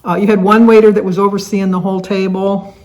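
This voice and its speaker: A woman's voice: medium pitch, flat delivery, fast talker, darkish tone. Chatty older woman vlogging. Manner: rambling, chatty, many fillers and restarts. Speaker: vlogger hosting a tag video. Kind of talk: casual chat to camera.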